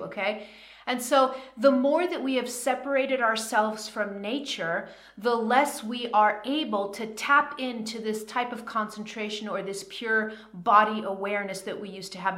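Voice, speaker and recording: Woman doing a chatty spiritual teaching, keeps asking okay?, bright voice, roomy echo. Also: on the high side. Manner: conversational, often checks in with "okay?". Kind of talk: guided teaching talk.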